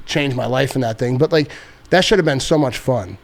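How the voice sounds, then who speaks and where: A man's voice: mid-range voice, a little fast. A young man telling stories as a podcast guest, casual and rambling, full of fillers and frequent laughs. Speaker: podcast guest, sports content creator. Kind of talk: casual storytelling.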